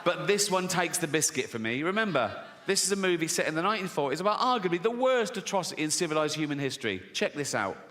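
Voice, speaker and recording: Sardonic comedian. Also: male voice, on the high side, very animated, quick pace, few pauses. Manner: sardonic, profane, frequently laughing. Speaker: stand-up comedian. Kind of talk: stand-up comedy. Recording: reverberant live venue, loud ambience.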